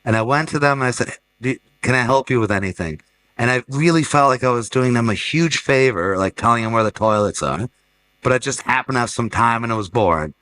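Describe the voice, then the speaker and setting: Bright-voiced man telling fair stories. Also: mid-range voice, brisk, poor audio. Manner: anecdotal, restarts and laughs while telling stories. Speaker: art fair director. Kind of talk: casual panel conversation. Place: fair talk stage.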